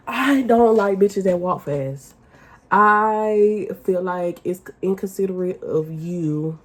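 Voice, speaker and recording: A woman vlogger ranting casually to the camera, blunt and profane, with loud emphatic outbursts. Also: low voice.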